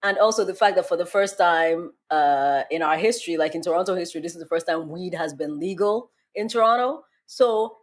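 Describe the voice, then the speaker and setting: A young woman from Nigeria hosting a podcast, chatting casually and telling an animated story, laughing often. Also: fairly low pitch, brisk, few pauses. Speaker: podcast host. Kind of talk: casual chat.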